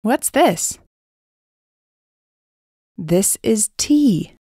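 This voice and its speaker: A woman calmly names pictures for beginner learners, slowly and clearly, repeating each key word. The recording is dry and close, with no room sound. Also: medium pitch, no echo. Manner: clear, repeats single words. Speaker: English teacher. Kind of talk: slow picture-description narration.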